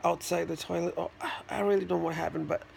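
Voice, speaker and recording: A man in a casual vlog, telling a childhood story in a halting, rambling way, with many restarts and fillers. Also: fairly high pitch, fairly even intonation, gravelly, a little hiss or hum. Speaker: vlogger.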